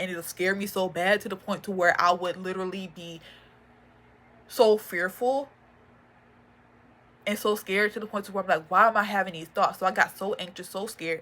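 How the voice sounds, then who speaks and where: A woman's voice: mid-range voice, fairly bright tone. Emotional young woman giving testimony. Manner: earnest, halting, many fillers and restarts. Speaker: faith and motivation vlogger. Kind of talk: personal testimony.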